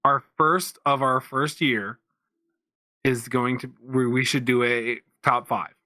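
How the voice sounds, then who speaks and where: A man's voice: medium pitch, fairly even intonation, takes it slowly, bright, forceful tone, dry recording. A man co-hosting a casual podcast, rambling with frequent restarts and fillers. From Pennsylvania, USA. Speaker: podcast co-host. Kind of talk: casual chat.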